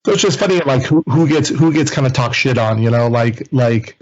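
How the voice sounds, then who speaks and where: A man co-hosting a wrestling podcast in casual chat, rambling with halting restarts. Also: mid-range voice, animated, dull audio. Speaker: podcast co-host.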